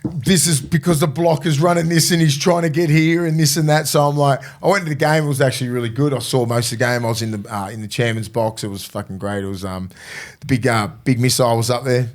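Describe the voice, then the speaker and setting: A man's voice: mid-range voice, fairly even intonation, fast talker. A middle-aged Australian man co-hosting a rugby league podcast, blunt and profane, animatedly retelling conversations in casual chat. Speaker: podcast co-host, former rugby league player.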